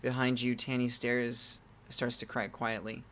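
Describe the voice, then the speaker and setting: A man reading a text adventure game aloud, breaking off into loud startled exclamations, with game music playing behind him. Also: mid-range voice, level tone, measured pace, slight background noise.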